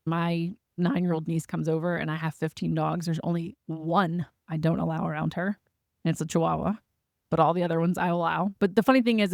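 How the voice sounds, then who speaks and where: A woman's voice: on the low side, creaky, no room sound, clean studio sound. A young adult woman telling stories in a casual interview as an animal shelter guest, chatty and full of "like" fillers.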